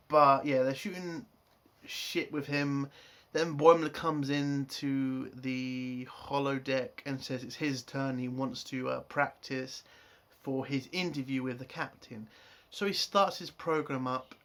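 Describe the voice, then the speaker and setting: A man's voice: medium pitch, steady tone, unhurried, fairly bright tone. A man giving a casual spoken review of a TV episode. He rants in an exasperated way and swears a lot.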